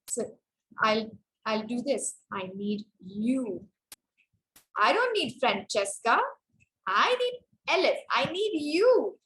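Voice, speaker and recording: A woman trainer giving an online public speaking workshop over a video call, explaining clearly and shifting her tone and stress to model examples. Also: fairly high pitch, a bit bright, low-quality recording.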